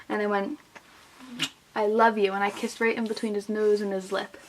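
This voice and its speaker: A woman's voice: medium pitch, level tone, moderate pace, slight background noise. A young woman casually telling a personal story to camera as a vlogger, chatty and full of "like", quoting what others said. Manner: chatty, heavy use of "like", retelling with quoted voices.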